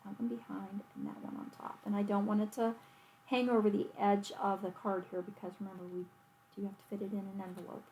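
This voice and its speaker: Woman, crafting tutorial, chatty, thinking aloud, mid-pitched, faint background noise. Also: little pitch movement, a little fast, darkish tone, poor audio. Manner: chatty, talks to herself and her dog while working. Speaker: card-making demonstrator.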